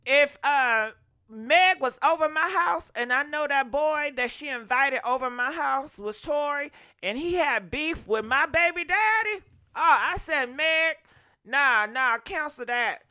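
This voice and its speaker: Woman, gossip host, high bright voice, sassy and opinionated, dry close sound. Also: lively intonation, unhurried, no echo. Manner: sassy, opinionated, talks straight to viewers. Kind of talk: casual gossip commentary.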